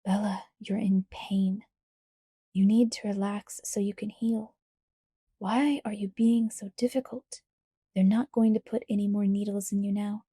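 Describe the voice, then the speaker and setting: A woman voicing a calm, teasing teenage vampire boy in a soft, hushed, near-whispered delivery. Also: medium pitch, measured pace, breathy edge, no echo, clean studio sound. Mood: tender.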